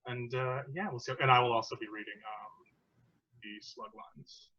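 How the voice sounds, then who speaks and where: A man's voice: medium pitch, steady tone, normal speed, sharp tone. A man hosting a podcast in casual chat, joking and self-deprecating, with many ums. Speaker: podcast host. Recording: dull lo-fi sound.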